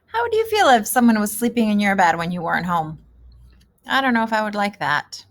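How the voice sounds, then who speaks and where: A woman teaching a kindergarten class in a gentle, encouraging manner. She asks the children questions and answers them herself, in a mid-pitched voice. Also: big pitch swings, a little fast. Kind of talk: reading lesson for young children.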